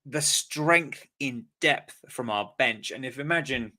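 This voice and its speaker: A man's voice: medium pitch, slow pace, bright, forceful tone. A man from England hosting a casual football podcast, reading out listener comments with enthusiasm. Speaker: podcast host.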